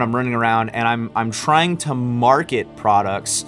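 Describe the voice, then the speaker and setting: Man of middling pitch, casual vlog storyteller who rambles and restarts a lot. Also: normal speed, a bit bright, faint music behind. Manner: rambling, with frequent restarts and fillers. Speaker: small business owner.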